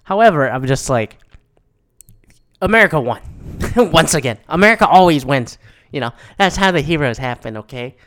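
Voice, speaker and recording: A man's voice: fairly high pitch, normal speed. A man giving a casual, rambling movie review, swearing often and acting out his own reactions in quotes. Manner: profane, rambling, animated, mock-quoting his own reactions.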